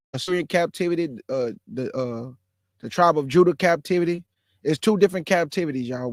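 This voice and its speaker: A man's voice: a little high, dry recording, clean studio sound. A man in his forties giving a casual, emphatic preaching talk as a caller in an online religious discussion, calling his listeners bro and y'all. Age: 40s.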